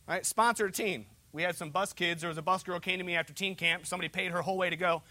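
Young pastor, bright and forceful tone, jokey conversational sermon style. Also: male voice, sits high, steady tone, quick pace, no room sound. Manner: joking, conversational preaching. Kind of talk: sermon with humorous asides.

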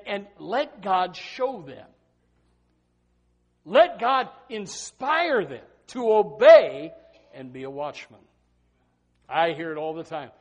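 A middle-aged man preaching from the pulpit in a notably high voice. He bursts into loud, climbing shouts, then drops low and quiet for confiding asides. It is a pastor's lively sermon delivery.

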